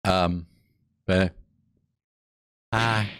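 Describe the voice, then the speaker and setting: A man giving casual game commentary as a streamer, with bemused, quick reactions. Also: fairly low pitch, very animated, no room sound. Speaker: let's play streamer.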